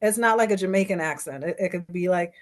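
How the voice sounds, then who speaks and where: A Bahamian woman chats casually in a lowish, fast voice, her accent faint and mostly American-sounding. She talks at length, restarts often, and breaks into snatches of song and accents.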